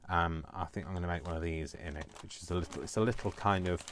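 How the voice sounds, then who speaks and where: A man in his fifties talks through a live crafting session from his kitchen at home. His voice sits fairly low. He rambles from one idea to the next and drops playful asides as he goes. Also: quick pace, background noise. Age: 50s. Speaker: crafting vlogger. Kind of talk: live casual crafting chat.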